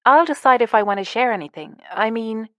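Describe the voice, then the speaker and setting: A woman narrator voicing a calm young American woman who teaches yoga, with an American accent. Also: fairly high pitch, a little fast, dry recording, lo-fi sound.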